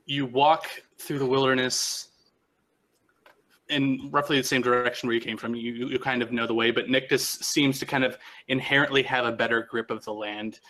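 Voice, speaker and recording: A man running a tabletop game, narrating the scene in a relaxed, halting way with frequent restarts. His voice sits at an average pitch and sounds bright. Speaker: game master.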